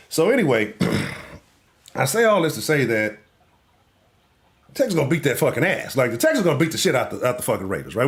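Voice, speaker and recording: A man hosting a live sports talk show, ranting in a profane, animated way and swinging between loud outbursts and low mutters. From Houston.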